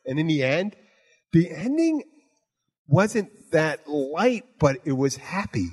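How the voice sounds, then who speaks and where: A man's voice: on the high side, very animated, slow, darkish tone, husky. Blunt, emphatic man hosting a bar podcast. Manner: emphatic, blunt, profane, repeats "you know what". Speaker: bartender podcast host. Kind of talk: casual chat.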